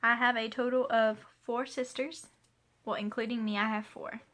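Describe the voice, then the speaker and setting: Bright chatty young woman vlogger. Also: fairly high pitch, flat delivery, moderate pace. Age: 20s. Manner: chatty, rambling, laughs and asides. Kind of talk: casual chat answering a question tag. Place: home room with a pet playing.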